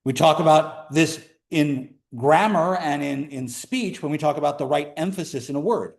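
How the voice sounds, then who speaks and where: A man in his fifties giving a classroom calculus lecture, lively and conversational with playful asides to students. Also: fairly high pitch, moderate pace. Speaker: math lecturer.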